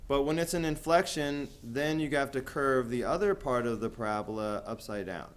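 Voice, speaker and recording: A man's voice: medium pitch, normal speed. A man teaching a math class, talking casually with lots of fillers and asking students questions. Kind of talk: classroom lecture.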